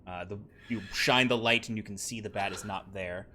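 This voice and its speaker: Male game master, lowish bright voice, loose and filler-heavy narration. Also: moderate pace, a little hiss or hum. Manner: rambling, many fillers.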